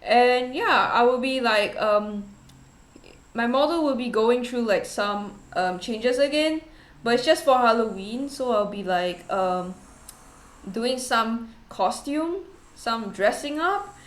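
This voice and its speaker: A woman's voice: a little high, lively intonation, takes it slowly. Giggly young woman chatting in an echoey room. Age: young adult. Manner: rambling, giggly, self-deprecating. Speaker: VTuber streamer. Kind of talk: casual chat. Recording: roomy echo.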